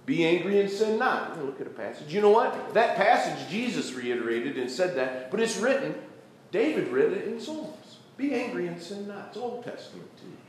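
Animated preacher in his fifties, echoey room. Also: sits high, moderate pace. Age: 50s. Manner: animated, acts out quoted pleas with rising intensity. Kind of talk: sermon. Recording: echoey room with faint ambience.

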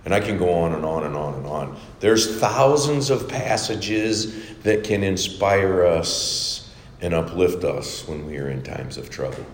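A man preaching a sermon, dropping to a hush for scripture quotes and rising loud for emphatic asides. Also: sits low, a little slow, a little hiss or hum. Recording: echoey hall with faint ambience.

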